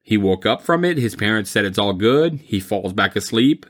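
Animated man in casual movie chat. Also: on the low side, moderate pace. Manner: animated, rambling, laughs often, mocking.

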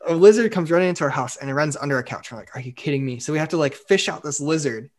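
Man on a podcast, upbeat teller, slightly high voice, loose rambling delivery. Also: very fast. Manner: animated, acts out quotes, frequent "like" fillers. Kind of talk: casual storytelling chat.

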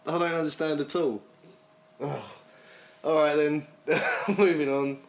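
A man's voice: fairly high pitch, fairly even intonation, unhurried. A man hosting a casual podcast, teasing his co-host and laughing often. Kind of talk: casual banter.

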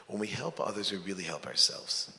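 A man's voice: low-pitched, a little fast, gravelly. A man, a rabbi, giving a sermon and telling stories with joking asides. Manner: animated storyteller, joking asides. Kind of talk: sermon with storytelling. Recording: long hall reverb.

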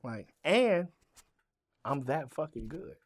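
A middle-aged rapper from Richmond, Virginia, appears as an interview guest, speaking slowly in a high-ish, sing-song voice. His animated, profanity-laced story has him acting out both sides of every conversation.

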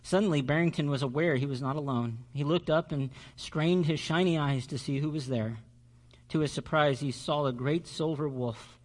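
A male pastor reading a children's story aloud during a sermon, expressive and measured. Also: fairly high pitch.

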